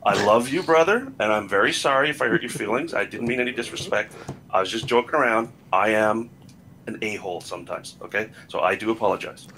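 Bright-voiced halting male guest. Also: fairly low pitch, slight background noise, low-quality recording. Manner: halting, repeats words. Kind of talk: casual podcast chat.

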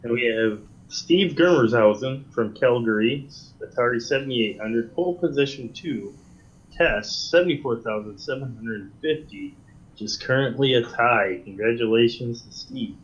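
Plain-spoken male co-host, mid pitch, dry wit, lo-fi muffled mic. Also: normal speed. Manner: plain reading with dry jokes. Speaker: co-host reading game records. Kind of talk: casual show banter. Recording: slightly dull lo-fi sound.

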